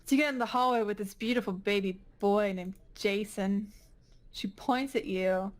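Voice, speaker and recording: A woman's voice: mid-range voice, moderate pace. A woman narrating as game master of a tabletop game, casual and playful.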